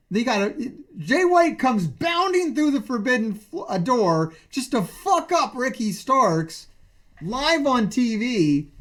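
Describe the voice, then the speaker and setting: Profane, excitable man ranting about wrestling. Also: extremely high pitch, slow pace. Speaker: streamer.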